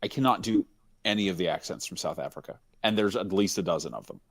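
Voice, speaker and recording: Deep-voiced Texan man chatting. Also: lively intonation, fast talker, no room sound, studio quality. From Texas. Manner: rambling, laughs often. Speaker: game developer and host. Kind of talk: casual chat on a call.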